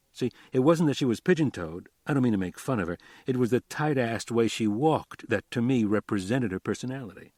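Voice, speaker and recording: A man's voice: mid-range voice, darkish tone, no echo, natural voice. A man reading an audiobook, playing a blunt, wisecracking homicide detective with a dry, easy manner.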